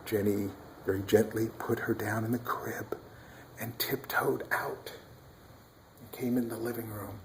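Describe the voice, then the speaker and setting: A man with a somewhat low voice tells a personal family story in a relaxed, chatty way. He pauses to demonstrate speech sounds and slips into whispers to illustrate his points. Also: a little hiss or hum.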